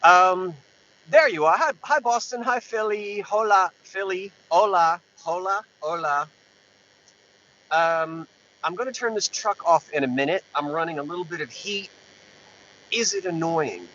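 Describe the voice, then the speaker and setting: A man's voice: high-pitched, unhurried, bright, forceful tone. A man hosting a rambling live-stream chat from inside his parked truck, talking to viewers through a mounted camera in a jokey, self-interrupting way. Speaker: live-stream host, antiques seller. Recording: dull lo-fi sound with faint hum.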